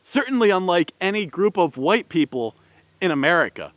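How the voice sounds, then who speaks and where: A man's voice: sits high, sing-song, moderate pace, a bit bright, no room sound. A man giving a rambling, heated opinion commentary with many fillers and restarts. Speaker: vlogger.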